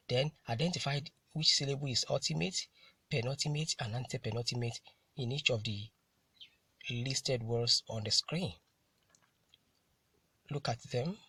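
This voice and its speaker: A man teaching an English lesson on syllables and word stress, who speaks deliberately and often says "now" to move on. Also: medium pitch, fairly bright tone, breathy edge, dry recording.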